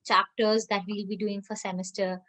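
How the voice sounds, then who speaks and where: A woman college lecturer with an Indian English accent, giving an emphatic, opinionated classroom lecture and slowing down to stress key terms. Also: medium pitch, level tone, a bit bright, low-quality recording.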